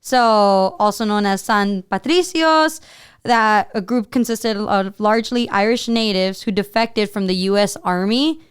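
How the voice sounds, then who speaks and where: A woman's voice: mid-range voice, measured pace, clear, resonant tone, no echo, clean studio sound. A woman co-hosting a casual podcast, chatting and sometimes reading notes aloud, with lots of "like" fillers. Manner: chatty, many "like" fillers, stumbles when reading. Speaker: podcast co-host.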